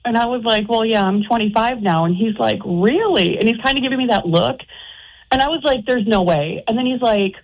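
A woman's voice: fairly high pitch, fairly quick, poor audio. A woman calling into a radio show, chatting through a story and acting out both sides. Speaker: caller. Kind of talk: telling a story on a call-in show.

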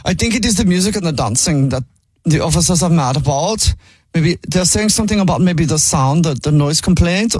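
A man's voice: sits high, normal speed, no echo. A man voicing a flustered foreign-accented male roof worker in a prank phone call, rambling and apologetic in a sing-song way.

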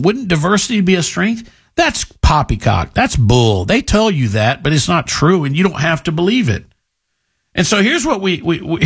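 A man's voice: a little high, fairly bright tone, breathy edge. A middle-aged man hosting a talk radio show, delivering a blunt, combative, opinionated monologue.

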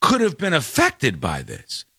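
Animated, incredulous man in his forties. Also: medium pitch, unhurried, vocal fry, breathy edge, dry recording, studio quality. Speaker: host. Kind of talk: casual commentary.

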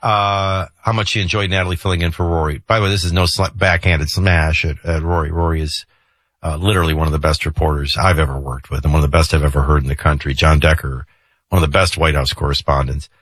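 A man's voice: extremely low pitch, steady tone, fast talker, fairly bright tone, no room sound. A middle-aged man hosting a morning talk radio show, talking emphatically and conversationally with frequent fillers. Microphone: studio microphone.

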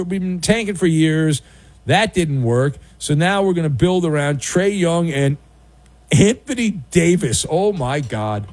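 A middle-aged man hosting a late-night sports talk radio show, riffing sarcastically with jokey, drawn-out emphasis. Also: fairly high pitch, darkish tone.

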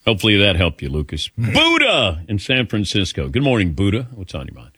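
Brief: male radio host, animated delivery, bright sharp tone, dry studio sound. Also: lowish voice, fairly quick, breathy edge, no echo. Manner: lively, takes callers, laughs easily. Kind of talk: casual sports talk radio.

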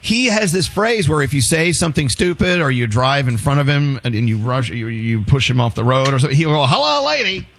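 A man's voice: medium pitch, slight background noise. A man hosting a morning radio show, teasing and joking with co-hosts and callers. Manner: playful, teasing, quick to joke. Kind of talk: casual morning radio chat.

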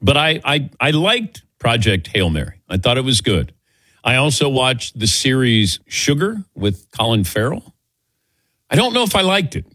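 A male radio host with a bright, forward tone that jumps up and down as he tells his stories. He acts out the people in them and laughs often, and the mic is close and dry. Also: medium pitch, no room sound. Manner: animated storyteller, acts out quotes, laughs often. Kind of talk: casual on-air banter.

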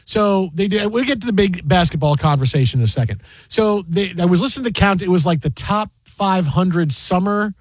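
A man hosting a casual sports talk show, playful and rambling, quick to joke. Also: high voice, dry recording. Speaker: radio show host.

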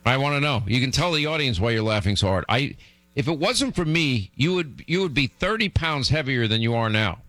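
A man's voice: fairly quick, dry recording. A middle-aged man hosting a radio show, telling rambling comic stories and teasing his co-host. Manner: animated, teasing, jumps up in pitch for exasperated asides. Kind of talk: rambling comic storytelling on air.

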